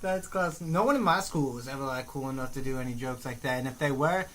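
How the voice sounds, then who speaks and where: A young man just out of high school, chatting casually and reacting with easy chuckles. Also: quick pace, a bit bright, a little hiss or hum. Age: young adult. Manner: laid-back, chuckling reactions. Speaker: co-host. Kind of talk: casual chat.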